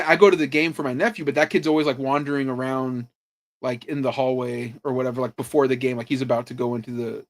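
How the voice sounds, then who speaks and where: A man on a podcast telling sports stories in a casual, animated way, swearing freely and saying "like" a lot. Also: fairly high pitch. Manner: animated storytelling, swears freely, lots of "like" fillers. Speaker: podcast host. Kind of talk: casual chat.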